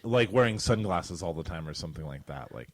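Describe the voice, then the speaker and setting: A man's voice: sits low, expressive, fairly quick, dry recording. A young man co-hosting a podcast, chatting casually, rambling through stories and laughing often. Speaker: podcast co-host. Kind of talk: casual chat.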